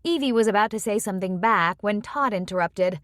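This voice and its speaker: A woman's voice: medium pitch, brisk, a bit bright, no echo, studio quality. Woman narrating a romance audiobook. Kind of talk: first-person romance narration.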